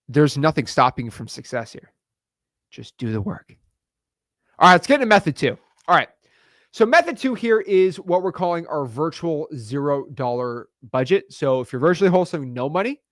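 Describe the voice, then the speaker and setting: A young man coaching real estate wholesaling in an energetic online course style, hyped and slangy with rapid repeated words. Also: a little high, no room sound, studio quality.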